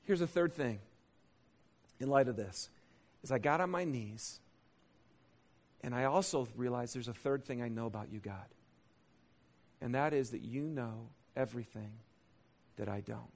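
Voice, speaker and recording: A middle-aged man preaching a sermon, animated and conversational, asking the congregation questions and swinging from quick excited bursts to slow, soft emphasis. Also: medium pitch. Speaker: pastor.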